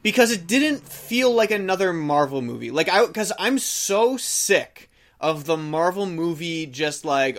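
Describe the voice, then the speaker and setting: A man talking casually on a podcast, his voice sitting a little higher than most men's. He rambles through his opinions, restarting sentences as he goes. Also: big pitch swings, a little slow. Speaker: podcast co-host. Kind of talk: casual chat.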